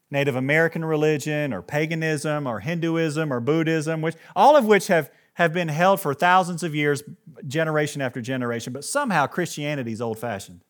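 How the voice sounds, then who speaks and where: Earnest, conversational pastor preaching a sermon. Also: male voice, a little high. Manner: reads quotations aloud with rising emphasis. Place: church service with live congregation.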